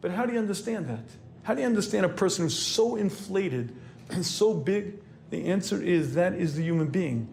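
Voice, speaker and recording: A rabbi delivers a sermon, a man with a somewhat high voice speaking in an earnest, lecturing way. He clears his throat often between phrases. Faint noise sits under the recording. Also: animated, normal speed, a little mellow.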